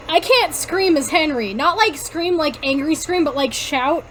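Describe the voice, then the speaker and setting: Young woman, comedic podcast co-host, reads fan fiction aloud with frequent laughs, high voice, faint hiss. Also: animated, unhurried, few pauses, a bit bright.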